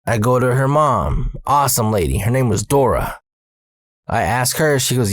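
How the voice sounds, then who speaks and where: A man telling a story from his youth in a casual, profane, animated way, full of slang. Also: medium pitch, normal speed, dry recording, studio quality.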